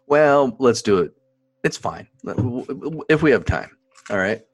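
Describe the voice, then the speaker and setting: A man with a mid-range voice co-hosts a podcast, chatting casually and very animatedly with his co-host at a measured pace. He laughs often and is an expectant father.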